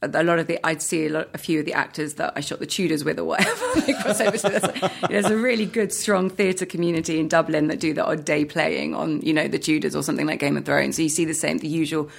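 A chatty woman talking as an interview guest, her voice sitting a bit low. A gravelly fry runs through her speech. She laughs easily and restarts her sentences. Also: quick pace, few pauses. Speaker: actor and guest. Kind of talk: casual interview chat.

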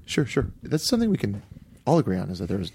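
A man's voice: lowish voice, wildly swooping pitch, quick pace, warm tone, slight background noise. A man co-hosting a comedy podcast in a studio, riffing in a playful mock-serious way. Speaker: podcast co-host.

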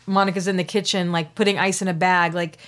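A woman's voice: on the low side, level tone, fast talker, a bit bright. A woman co-hosting a podcast, talking casually about a sitcom and thinking aloud with lots of fillers. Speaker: podcast co-host. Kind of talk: casual chat recapping a sitcom.

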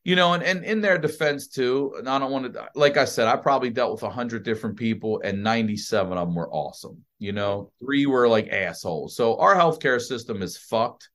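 A man, a comedian guest on a podcast, telling a hospital story in a casual, profane, animated way. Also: medium pitch, fairly quick, few pauses. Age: adult with a child. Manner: animated, profane, acts out other people's voices.

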